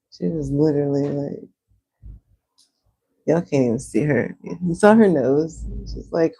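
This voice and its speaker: A young woman chats her way through a live painting stream, talking loosely and filling her sentences with "like." Her voice sits low and dark, with a gravelly fry and a husky edge. It stays relaxed and conversational throughout. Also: measured pace, long pauses, poor audio. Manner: chatty, rambling, many "like" fillers. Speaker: livestreamer. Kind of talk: casual chat while painting on a livestream.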